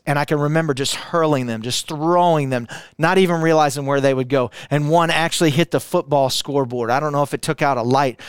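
A man's voice: medium pitch, smooth, no room sound, studio quality. Intense man telling a personal testimony. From Arkansas, US. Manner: intense, builds with repetition, drops quiet for emphasis. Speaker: speaker sharing a personal testimony. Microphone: camera, speaking to it.

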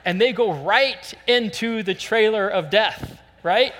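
A man preaching a sermon, telling a lively, joking story and acting out voices as a pastor. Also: high-pitched, slow pace, few pauses, in a large hall, a little hiss or hum. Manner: animated, jokey storytelling, acts out voices.

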